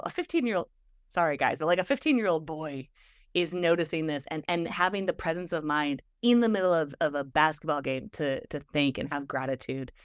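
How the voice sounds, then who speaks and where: Animated woman guest, low-pitched, chatty, lots of fillers, dry close sound. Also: no room sound. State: emotional, near tears. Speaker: guest, stress physiologist and speaker. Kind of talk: storytelling in conversation.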